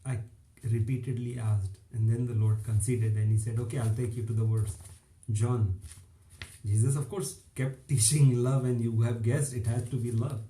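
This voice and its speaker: Emphatic preacher man, dark echoey voice. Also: medium pitch, steady tone, normal speed. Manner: emphatic, repetitive, chuckles between phrases. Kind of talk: informal online sermon.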